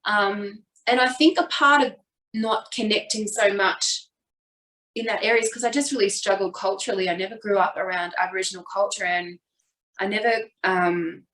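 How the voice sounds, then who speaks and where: A woman's voice: medium pitch, steady tone, a bit bright. A woman in her twenties from Australia, a guest telling her personal story openly and reflectively. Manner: open, reflective, with quick bursts when retelling. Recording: echoey room, voice a bit far from the mic.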